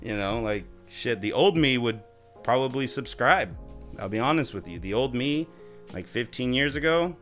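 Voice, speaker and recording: A man live-streaming in a loose, joking chat, swearing freely and switching into high mock voices now and then. His voice is bright and forceful at a middle pitch, with faint music playing behind him. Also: lively intonation, normal speed. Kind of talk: casual chat.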